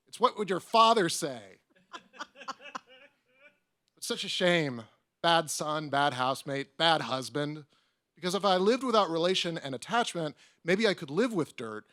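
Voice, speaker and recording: A man's voice: a little high, a bit bright, no echo, clean studio sound. A man, an academic panelist, reading a prepared talk aloud with wry, self-mocking asides. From United States. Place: conference room.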